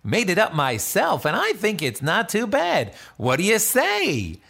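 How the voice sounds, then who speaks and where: A man voicing a cheerful, kind talking backpack in a children's audio drama, chuckling and swooping in pitch. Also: huge pitch swings, unhurried, vocal fry, fairly bright tone, husky, full character voice. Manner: rhyming, bouncy, chuckling, sudden swoops in pitch.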